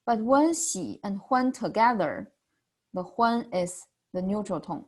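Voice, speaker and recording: A woman teaching a beginner language lesson, patiently modeling sounds with drawn-out, exaggerated vowels. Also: medium pitch, very animated, a little mellow, slightly rough.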